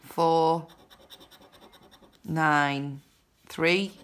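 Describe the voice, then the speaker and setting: A woman hosting a scratchcard video, counting numbers aloud in casual narration with bursts of excited whoops. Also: sits low, extremely slow, smooth. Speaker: scratchcard channel host.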